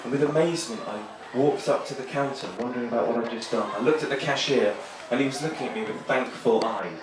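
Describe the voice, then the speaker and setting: Rambling stand-up comic in an echoey club. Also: male voice, medium pitch, quick pace. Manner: rambling, self-deprecating, deadpan delivery. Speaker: stand-up comedian. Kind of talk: stand-up comedy set. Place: small comedy club stage. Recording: echoey club, mic heard from far, noisy.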